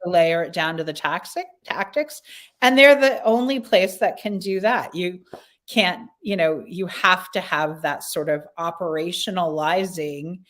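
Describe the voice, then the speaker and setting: A woman guest in a casual podcast interview, thinking aloud slowly with many fillers and restarts. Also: on the low side, fairly bright tone. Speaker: leadership consultant guest.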